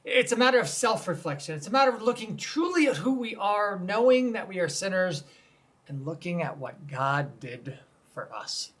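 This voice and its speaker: A pastor preaching in an easy, conversational way rather than a formal pulpit tone. The talk walks through scripture as lively storytelling and keeps asking listeners to picture each scene. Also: medium pitch, moderate pace. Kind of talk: conversational sermon.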